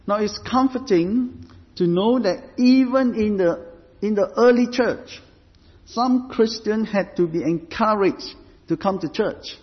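A man preaching a sermon in a slow, measured way, often repeating phrases as he builds a point. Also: high-pitched. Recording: dull sound with long hall reverb.

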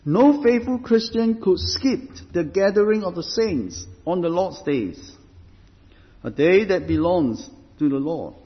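A man with a fairly high voice preaches a sermon at an unhurried, deliberate pace. He repeats phrases as he builds each point. The recording sounds dull, and a long hall reverb trails after his words. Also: animated.

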